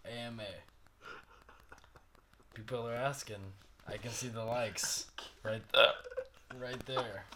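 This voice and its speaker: A man's voice: mid-range voice, fairly even intonation, slow, pauses often, sharp tone, a little hiss or hum. A drunk man with the hiccups, chatting in a playful, boisterous way. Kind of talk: casual chat.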